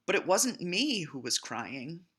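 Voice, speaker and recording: A woman voicing a lonely, hopeful turtle in a read-aloud storybook, with a high, loud eager voice. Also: sing-song, takes it slowly, husky, heavily acted.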